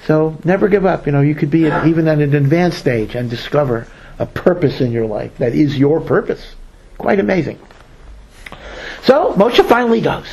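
A man's voice: on the high side, expressive, normal speed, vocal fry, darkish tone, slight background noise, rough recording. Man giving a storytelling Torah sermon. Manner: storytelling, repeats words for emphasis; acts out quoted speakers. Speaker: rabbi teaching Torah.

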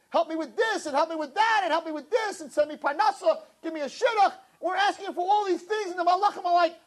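A man giving a Jewish sermon and telling a parable, dramatic and swinging from low murmurs to high shouts. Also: quick pace, hardly any pauses. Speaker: Jewish speaker.

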